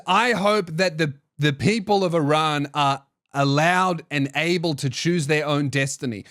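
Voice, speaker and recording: Aussie comedian guy rambling on his podcast, highish voice, swears a lot, dry close sound. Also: a bit bright, no echo. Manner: rambling, many restarts, swears freely. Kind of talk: casual comedic monologue.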